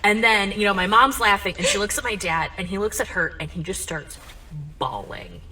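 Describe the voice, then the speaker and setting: A young woman telling a comic family story in a chatty, animated way, full of "like" and asides. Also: mid-range voice, normal speed, far from the mic.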